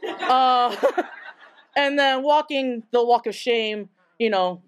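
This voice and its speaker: A woman's voice: on the high side, slow, clear, resonant tone, highs cut off. A young woman from Taiwan telling a story on stage at a live event, chatty and casual, full of "like" and laughing often. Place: live event in front of an audience.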